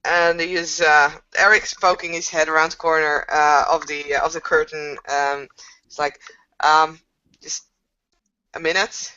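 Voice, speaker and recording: A woman's voice: low voice, little pitch movement, bright, forceful tone, smooth, no echo, recorded from a distance, lo-fi sound. A woman narrating a tabletop game as game master, hesitant and full of fillers. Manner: slow, hesitant with many fillers.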